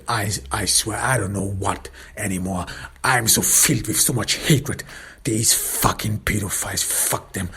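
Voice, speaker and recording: A man telling a dark first-person crime story in an intense, often whispered way, with many restarts. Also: fairly low pitch, gravelly, breathy edge.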